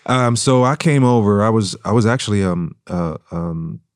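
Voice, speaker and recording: A man with a very deep voice and a light German accent talks through his story in a casual interview. He speaks thoughtfully, circling back and restarting as he goes. The sound is dry and close, with no room around it. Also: animated, smooth, dry recording. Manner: reflective, measured, with many restarts. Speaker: guest actor.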